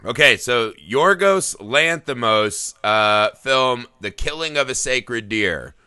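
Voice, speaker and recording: Male podcast host, casual, swears a lot, sharp tone, crisp delivery. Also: mid-range voice, lively intonation, takes it slowly, dry recording. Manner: loose, joking, swears often. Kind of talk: casual movie podcast chat.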